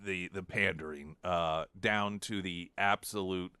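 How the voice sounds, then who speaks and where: This talk radio host's voice is low, steady and sharp, clean with no room sound, and he keeps a measured pace. Speaking into a studio mic, he mocks politics sarcastically and frequently restarts what he's saying.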